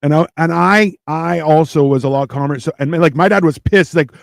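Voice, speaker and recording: A man's voice: fairly high pitch, fairly quick, gravelly, few pauses, dry recording, clean studio sound. A man co-hosting a casual podcast, telling profane stories and acting out what people said. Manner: animated storyteller, acts out quotes, profane. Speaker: podcast co-host. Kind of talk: casual storytelling chat.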